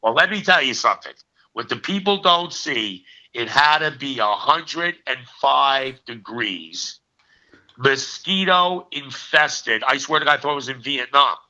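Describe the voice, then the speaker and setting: A man in his sixties, an actor guest, telling stories as an animated raconteur who punches his lines with "okay.". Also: medium pitch, unhurried. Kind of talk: storytelling in a casual interview. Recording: dull lo-fi recording.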